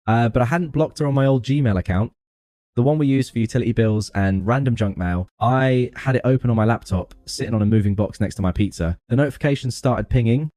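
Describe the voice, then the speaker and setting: A man narrating a first-person story in a calm, even, scripted delivery. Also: medium pitch, no room sound.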